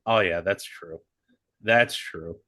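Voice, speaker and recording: A man's voice: takes it slowly, no room sound, studio quality. A man co-hosting a comedy sports podcast, telling goofy stories and laughing often. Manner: animated storytelling, jumps into goofy high put-on voices, laughs often. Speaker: podcast co-host. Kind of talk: casual comedic chat.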